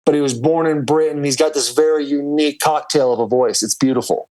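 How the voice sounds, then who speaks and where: A man's voice: on the high side, a little fast, darkish tone. A man co-hosting a podcast over a video call, talking loosely with lots of "like" and "dude". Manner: loose and rambling, full of "like" and "dude". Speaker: podcast co-host calling in from abroad. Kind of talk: casual chat.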